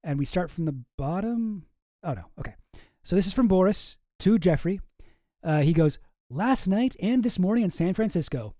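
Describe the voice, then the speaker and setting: A man's voice: sits high, animated, moderate pace, mellow, no echo, studio quality. A man hosting a show, reading documents on screen in casual, profane, rambling commentary that mocks himself. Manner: profane, rambling, self-mocking. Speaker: show host.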